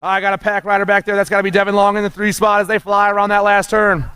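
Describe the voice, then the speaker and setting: A man calling live races as the announcer, excited and punchy, rattling off names and nicknames. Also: sits high, fast, smooth. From USA. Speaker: race announcer. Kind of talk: live race commentary.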